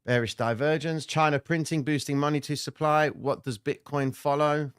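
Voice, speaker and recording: A man's voice: on the high side, steady tone, normal speed, clear, resonant tone. A man hosting a live trading stream, giving blunt, slangy market commentary and answering chat comments.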